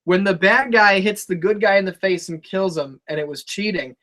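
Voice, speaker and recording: Guy with a high voice going on about wrestling, super animated, laughs a lot, does loud silly quotes. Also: normal speed. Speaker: wrestling podcast co-host. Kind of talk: casual chat.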